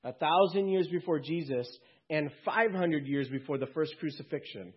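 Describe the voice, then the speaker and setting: A man preaching a sermon to his congregation in a conversational way, with quick asides and jokes. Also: on the high side, breathy edge, dull audio. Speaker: pastor.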